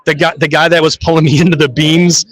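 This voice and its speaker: Animated drag racer telling stories. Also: male voice, on the high side, quick pace, poor audio. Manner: animated storyteller who acts out his own reactions. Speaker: funny car drag racer. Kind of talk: live trade show interview.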